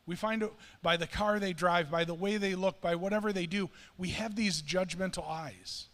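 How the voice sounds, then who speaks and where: Pastor, middle-aged man, high-pitched, earnest, conversational sermon delivery, church hall reverb. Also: steady tone, moderate pace, fairly bright tone. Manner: conversational, earnest, self-deprecating. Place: church sanctuary.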